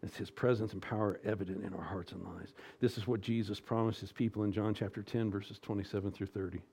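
A middle-aged male pastor delivering a sermon, moving between hushed, almost whispered reassurance and loud, emphatic exhortation. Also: fairly low pitch, steady tone, quick pace, slightly rough.

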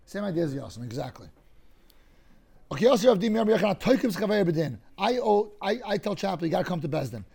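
A man teaching a Talmud class, explaining cases through lively hypothetical scenarios and often clearing his throat. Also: high-pitched, fast talker.

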